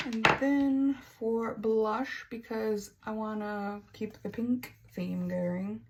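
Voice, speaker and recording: A woman's voice: on the high side, steady tone, slow, very noisy. A woman beauty vlogger chatting casually through a makeup tutorial, self-mocking and stumbling over words now and then.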